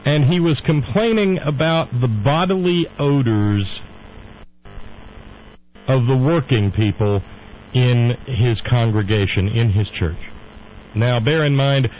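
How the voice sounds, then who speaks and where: A man's voice: medium pitch, takes it slowly, long pauses, lo-fi sound, slight background noise. A man hosting a radio show, talking in a rambling, opinionated monologue. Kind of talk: casual on-air monologue.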